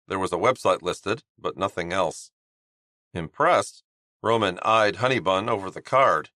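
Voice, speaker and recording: A man narrating an audiobook in a steady, even storytelling manner on a close studio mic. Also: sits low, unhurried, no room sound. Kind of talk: scripted narration.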